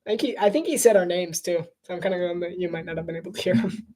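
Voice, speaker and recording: A woman giving casual live commentary on a football game, chatty and playful and quick to laugh. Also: lowish voice, darkish tone.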